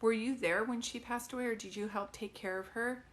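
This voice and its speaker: A young woman giving a live psychic reading to a viewer, talking in a drowsy, halting and emotional way, full of fillers and restarts. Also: fairly high pitch, fairly even intonation. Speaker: psychic medium.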